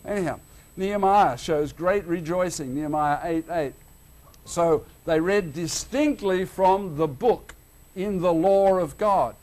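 An Australian man delivers a sermon in a fairly high voice. He speaks animatedly, drops low and quiet, then bursts out loud and emphatic. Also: measured pace. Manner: animated, swings between loud and hushed. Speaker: preacher.

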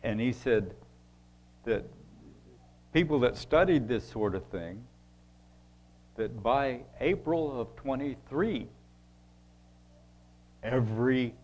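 A man teaching a Bible lesson to a group in a halting, conversational way, reading scripture passages aloud. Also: mid-range voice, a little mellow, dull audio. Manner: halting, with restarts, reads scripture aloud slowly. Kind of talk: sermon-style Bible teaching.

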